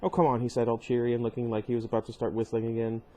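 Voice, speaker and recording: A man reads a novel aloud with casual, wry asides, stumbling over words now and then. His voice sits mid-range in pitch for a man. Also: completely flat delivery, very fast, dark tone. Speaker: reader.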